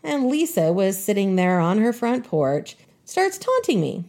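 A woman in her fifties hosting a podcast, telling a personal story in an expressive way. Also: medium pitch, a little slow, vocal fry, hardly any pauses.

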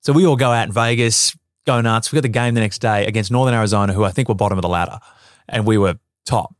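A young Australian man on a casual podcast, telling lively stories, swearing freely and laughing often. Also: on the low side, fast talker, clear, resonant tone, dry recording, studio quality. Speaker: podcast guest, former basketball player.

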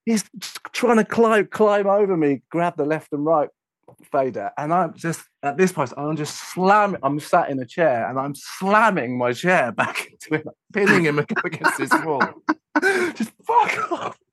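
A man tells a backstage story in loose, casual talk, and his pitch swings widely. He laughs through his words and swears freely. The recording is very dry and close, with no room sound. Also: moderate pace, no echo. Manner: animated anecdote telling, laughs while talking, swears freely. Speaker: guest, sound engineer and tour manager.

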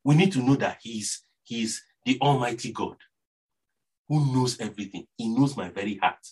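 A man's voice: medium pitch, moderate pace, darkish tone, slightly rough. A man with a Nigerian accent preaching a sermon earnestly, repeating phrases for emphasis.

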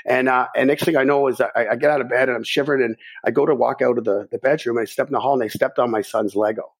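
A middle-aged man, a podcast guest, telling a personal story in a lively way and acting out his own thoughts. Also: mid-range voice, quick pace, creaky, husky.

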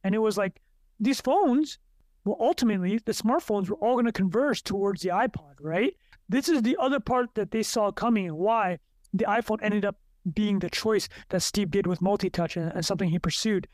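A man's voice: high voice, normal speed, dry recording. A man hosting a solo podcast, talking casually from his notes in a rambling way, with many fillers and restarts. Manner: rambling, self-interrupting, frequent uh fillers. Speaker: podcast host.

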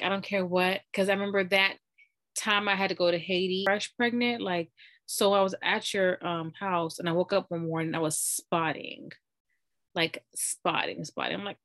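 A woman's voice: fairly low pitch, a bit bright. A woman in a casual chat, telling a heartfelt personal story in a rambling way with lots of "like".

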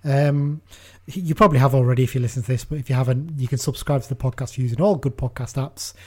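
A man's voice: medium pitch, quick pace, slightly rough. A man hosting a casual football podcast, chatty and upbeat, laughing easily as he talks. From England. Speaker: podcast host.

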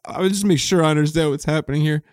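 A man's voice: a little high, fairly even intonation, very fast, darkish tone, no echo, studio quality, voice pushed up, close to an everyday voice. A man improvising a weepy, confused widower who rambles and keeps cracking up in a comedy scene. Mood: bewildered. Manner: rambling, breaks into laughter.

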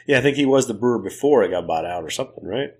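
A man's voice: mid-range voice, expressive, very fast, darkish tone, husky. A man in casual chat, asking questions and talking about breweries. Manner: chatty, asks questions.

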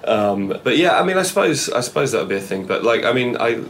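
A man's voice: mid-range voice, sing-song, quick pace, fairly bright tone, a little hiss or hum. A British musician answering interview questions at length. He rambles, thinks aloud, and fills his answers with asides and self-corrections. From England. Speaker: musician guest.

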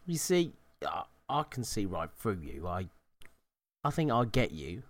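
A man's voice: fairly low pitch, sing-song, a little slow. A man playing a tabletop game and speaking in character in a teasing, playful way. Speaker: player. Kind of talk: in-character tabletop role-play.

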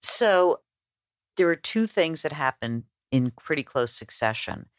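A woman guest telling stories in a conversational interview, animated and acting out the voices she quotes. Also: low voice, measured pace, no room sound, studio quality. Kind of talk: conversational storytelling.

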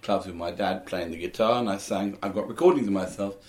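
A man's voice: low voice, brisk, darkish tone. An older man from England, a comedian and musician, telling rambling anecdotes in a casual interview.

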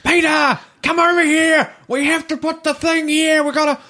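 A man's voice: very high voice, flat delivery, moderate pace, sharp tone, voice pushed up. A man voicing a bossy middle-aged woman at a dog show, who shrieks orders and swears. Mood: shrieking, bossy.

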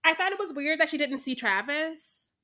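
A woman co-hosting a casual podcast chat, animated and expressive, acting out quotes, swearing and laughing a lot. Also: sits high, normal speed. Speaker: podcast co-host.

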